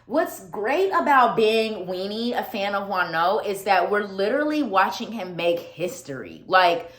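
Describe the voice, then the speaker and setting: Enthusiastic woman vlogger, animated and gushing, recorded in a reverberant room. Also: medium pitch, unhurried. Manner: gushing, animated, laughs often, repeats words for emphasis. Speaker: vlogger reviewing a music album. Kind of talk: casual excited vlog talk. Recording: echoey room.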